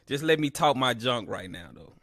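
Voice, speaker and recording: A man's voice: mid-range voice, fairly bright tone, dry recording, clean studio sound. A man hosting a live sports listen-along stream, chatting casually to his viewers, trash-talking rivals and ranting at the broadcaster. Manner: boastful trash talk, then ranting complaints; talks straight to his chat audience. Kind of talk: casual live fan commentary.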